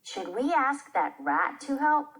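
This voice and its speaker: Determined little girl, woman reading, slow, lively pitch. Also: heavily acted. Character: determined young girl gardener. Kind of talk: reading a children's play aloud.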